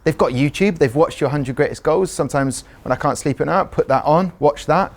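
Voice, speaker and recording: A man's voice: on the high side, fairly quick. A man hosting a football matchday show, teasing his co-host and hyping up guests. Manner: playful, teasing, excitable. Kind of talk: lively matchday show presenting.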